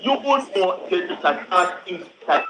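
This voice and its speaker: A man's voice: high voice, animated, slow. Challenging man on a noisy line. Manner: challenging, cuts in with questions. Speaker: group chat participant. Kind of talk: heated casual debate.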